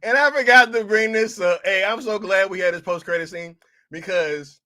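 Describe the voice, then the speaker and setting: A man's voice: sits high, moderate pace, sharp tone. A man casually reacting on a stream, talking in loose slang and laughing often.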